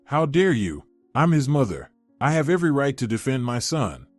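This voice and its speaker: A male storyteller voices a domineering older mother-in-law, scornful, commanding and indignant. His pitch rises and falls with energy at a moderate pace, and the recording is dry and close with faint music beneath.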